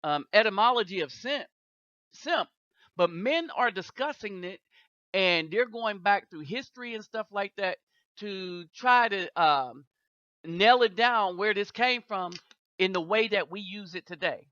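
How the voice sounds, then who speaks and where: A host giving reaction commentary, deliberate and checking in with rhetorical questions. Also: mid-range voice, expressive, pushed and bright, dry recording, lo-fi sound.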